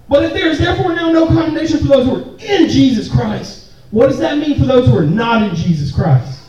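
Brisk and lively, a man's extremely high voice with a darkish tone carries a casual, joking sermon through a church hall or meeting room. He draws call-and-response from the audience. The space echoes heavily and the mic is distant.

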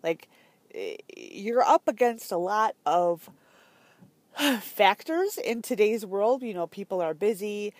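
A woman's voice: medium pitch, animated, slow pace, no echo. A woman talking as a fitness business coach in a casual, chatty way, full of fillers and emphatic asides.

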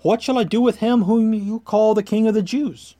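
A man's voice: high voice, normal speed, dark tone, pitched above the performer's own voice, natural voice. A man reading the part of an uneasy Roman governor, pressing and questioning earnestly. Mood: pleading.

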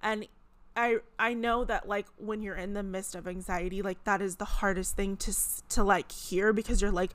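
A young woman hosts her own podcast, talking earnestly and emotionally about her experience, tearful at moments and saying "like" a lot among other casual fillers. Her mid-range voice is steady, fairly bright and moderately paced, recorded dry.

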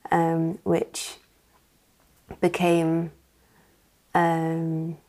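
A woman's voice: deep voice, completely flat delivery, very slow, darkish tone. A woman sharing her personal testimony as a church guest, talking hesitantly with many fillers.

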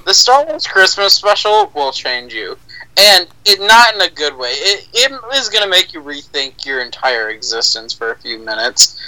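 A young man with a very bright, sharp voice and lively pitch, making his points in a mock-solemn, insistent way. The recording is dry and close. He talks in a casual podcast chat. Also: normal speed, dry recording, low-quality recording. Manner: mock-solemn and insistent, repeats names for emphasis. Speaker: podcast co-host.

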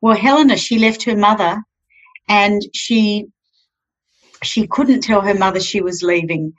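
Expressive woman, muffled audio. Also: mid-range voice, a little slow. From Australia. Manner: expressive, emphatic. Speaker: podcast guest. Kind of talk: casual podcast conversation. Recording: slightly dull, lo-fi audio.

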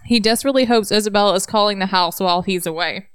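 A woman co-hosting a book podcast, summarizing chapters with dry, deadpan jokes. Her voice is smooth and clear, recorded close with a dry sound. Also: medium pitch, fast talker, no room sound. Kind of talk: casual chat summarizing a novel.

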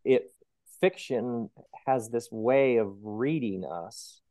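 A man's voice: mid-range voice, slow pace, mellow, dry recording, studio quality. A man interviewed as an author, talking animatedly about his book and acting out the voices of people he quotes. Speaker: author guest. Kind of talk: conversational interview.

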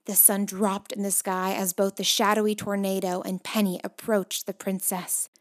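A woman narrates a children's storybook with lively expression. She sinks into soft whispers for tense, quiet moments and rises into bright, louder reading when the action picks up. Her voice sits at an ordinary middle pitch for a woman. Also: normal speed. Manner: expressive, shifts between hushed whispers and loud excited calls.

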